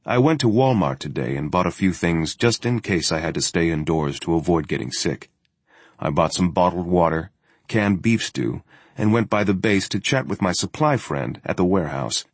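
A man reading a first-person journal story in a steady, matter-of-fact way. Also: low-pitched, moderate pace, no room sound. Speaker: audiobook narrator.

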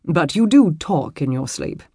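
A narrator voicing a deep-voiced medieval warrior man who speaks in calm, old-fashioned phrasing. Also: unhurried, vocal fry, slightly rough, no room sound, studio quality, heavily acted. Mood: gentle.

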